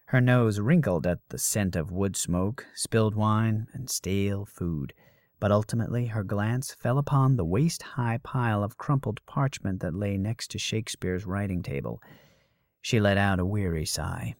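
A man reading a story aloud as narrator in a measured storytelling manner. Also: fairly low pitch, a little mellow, no room sound, studio quality. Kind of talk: scripted narration.

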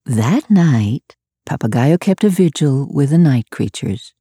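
A woman reading a children's storybook aloud, expressive and measured. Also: a bass voice, breathy edge, no room sound, studio quality.

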